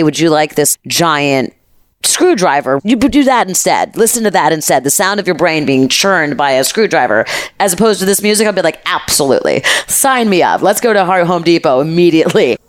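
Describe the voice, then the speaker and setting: A woman podcast host telling a story in casual chat, animated, dramatic and profane. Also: low voice, no echo.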